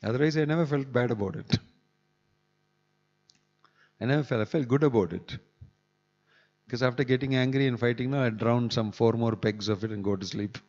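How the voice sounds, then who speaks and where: A man's voice: mid-range voice, fairly quick, long pauses, darkish tone. A man giving a scripture class in a temple, talking conversationally with chuckling asides. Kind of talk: sermon. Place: temple hall. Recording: dull echoey hall recording.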